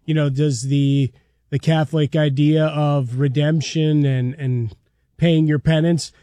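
Man, sports radio co-host, hesitant musing, fairly high, dry mic. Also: steady tone, a little slow, dark tone, no echo. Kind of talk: sports talk radio chat.

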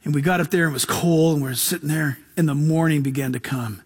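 Casual, animated preacher man. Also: a little high, fast talker, breathy edge. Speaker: pastor. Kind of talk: sermon.

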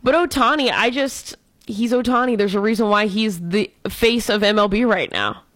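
A woman's voice: mid-range voice, lively intonation, moderate pace, fairly bright tone, no echo. Enthusiastic woman talking sports. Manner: enthusiastic, opinionated fan talk. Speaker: co-host. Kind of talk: casual sports talk.

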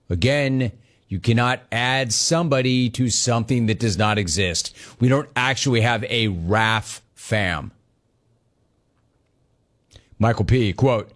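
A man hosting a sports talk show, reading listener messages and telling stories in a jokey, animated, digressive way. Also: mid-range voice, measured pace.

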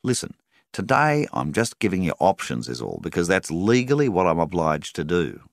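A man's voice: deep voice, big pitch swings, normal speed, dry recording, studio quality, pitched above the performer's own voice. A man voicing a polite, evasive male bank manager who talks apologetically and persuasively.

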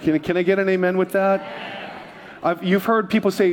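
Joking pastor preaching. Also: male voice, high voice, fairly even intonation, normal speed, long pauses. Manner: conversational, joking with the congregation. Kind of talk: sermon. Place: church.

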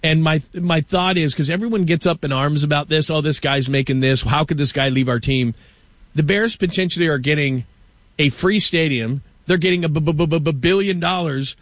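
A middle-aged man from Los Angeles hosting a casual sports talk show, animated and stretching words for emphasis. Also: fairly high pitch, no room sound. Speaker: show host.

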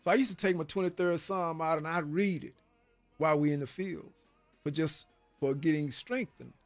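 With soft music underneath and no echo, a man with a slightly high voice speaks at a moderate pace about his faith journey in prison. His testimony is earnest and forceful, marked by frequent "man" tags, repeated words when stirred, and a preacher's cadence.

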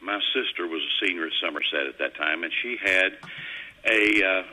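A man's voice: low-pitched, normal speed, pushed and bright, poor audio. A middle-aged man, hosting a radio show in a folksy, rambling storytelling way. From Kentucky. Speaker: radio host. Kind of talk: casual on-air chat. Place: radio studio.

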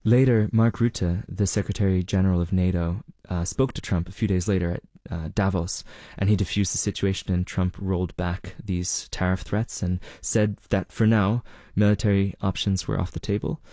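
Low-voiced man explaining as reporter. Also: steady tone, warm tone, dry recording, studio quality. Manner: measured, explanatory, with fillers. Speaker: reporter guest. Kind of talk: interview answers.

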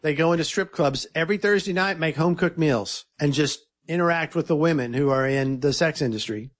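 A filmmaker being interviewed, telling an earnest, animated story and quoting others in his own voice. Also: on the high side, a little fast.

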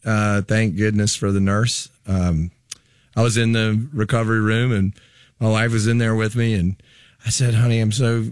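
A man's voice: on the low side, steady tone, normal speed, no echo, studio quality. A man, a musician guest, telling jokey self-deprecating stories in casual chat.

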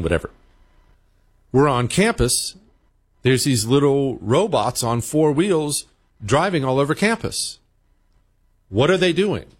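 A man in a talk-show monologue, spinning stories with lots of emphasis and repetition. He drops into playful beeping noises to act out machines. His voice sits at an ordinary middle pitch. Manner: animated storytelling, mimics beeping sounds.

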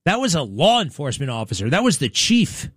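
A man's voice: fairly high pitch, huge pitch swings, fairly quick, fairly bright tone, breathy edge, no room sound, clean studio sound. A man hosting talk radio, giving indignant, combative commentary full of rhetorical questions.

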